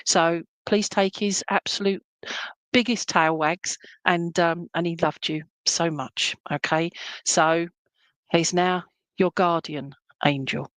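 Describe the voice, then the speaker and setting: A woman's voice: on the low side, steady tone, takes it slowly, fairly bright tone, no room sound. A woman giving a live psychic reading, reassuring and chatty, checking in often with "okay?". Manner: chatty and meandering, many fillers. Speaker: psychic medium.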